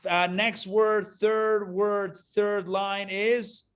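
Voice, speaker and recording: A man's voice: high voice, flat delivery, very slow, smooth. Chatty man teaching a Hebrew reading class. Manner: chatty and joking, drills syllables aloud. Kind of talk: live online class teaching.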